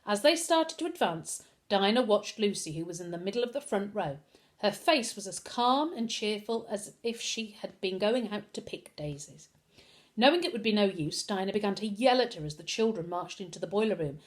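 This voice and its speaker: Woman reading a kids' novel aloud, lively varied pitch. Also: normal speed. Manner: expressive storytelling. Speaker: reader.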